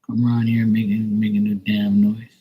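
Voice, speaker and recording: A man's voice: lowish voice, completely flat delivery, fairly quick, dark tone, husky, rough recording. A man chatting casually with viewers on a live tarot stream, blunt and full of swearing. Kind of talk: casual livestream chat.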